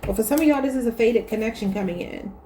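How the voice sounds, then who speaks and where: A woman's voice: a little high, fast talker, heavy background noise. Chatty tarot-reading woman from Baltimore. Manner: chatty, addresses viewers as y'all. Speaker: tarot reader.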